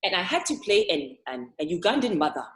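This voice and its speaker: An actress from Louisiana talks as an interview guest, lively and given to laughing and acting out little quotes. Her voice sits on the low side. The sound is roomy, with a clear echo around her. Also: brisk. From Louisiana, USA. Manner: animated, laughs often, acts out quotes. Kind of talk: casual interview chat.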